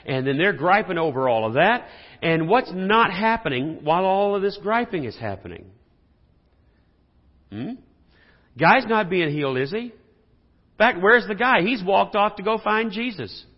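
A man preaching a sermon and explaining scripture, talking in a lively way and asking the congregation rhetorical questions. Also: sits high, unhurried, pauses often. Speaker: pastor. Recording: dull sound in a reverberant hall.

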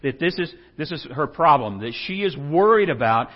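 A man's voice: fairly high pitch, lively intonation, moderate pace. Male Bible teacher, jokey and folksy, dull lo-fi pickup with long reverb. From Texas. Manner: folksy, joking, asks the audience questions. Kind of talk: animated Bible lesson. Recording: dull reverberant hall sound.

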